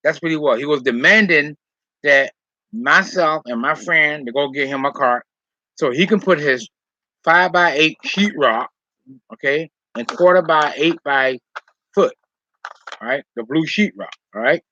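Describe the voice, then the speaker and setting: Rambling man, bright tense voice, lo-fi. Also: fairly high pitch, a little slow, a little hiss or hum. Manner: rambling, repeats "all right?" and "okay?", heated when retelling. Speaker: vlogger telling a personal story. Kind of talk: casual storytelling monologue. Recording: dull lo-fi sound.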